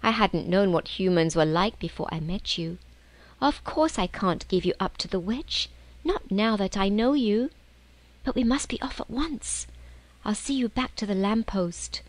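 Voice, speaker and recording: A woman voicing a gentle, anxious male faun who is kind and remorseful, speaking softly and urgently in an audiobook reading. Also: medium pitch, animated, measured pace, lightly acted.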